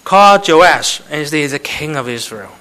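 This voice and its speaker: A man with a bright, somewhat high voice preaches in halting. He speaks in short bursts, stopping after each phrase so an interpreter can follow. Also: animated, clean tone. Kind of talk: sermon with live interpretation.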